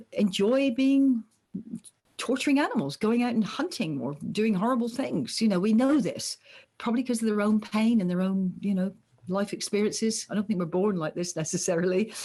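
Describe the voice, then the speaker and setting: Animated woman psychologist on a podcast. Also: medium pitch. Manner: animated, acts out quoted voices. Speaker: psychologist guest. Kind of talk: conversational podcast interview.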